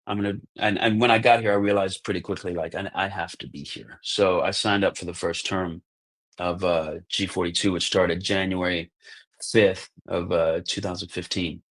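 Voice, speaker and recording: As a podcast guest, this deep-voiced American in his thirties tells stories casually at a moderate pace. He's lively, performs other people's lines, and drops "like" and "bro" constantly.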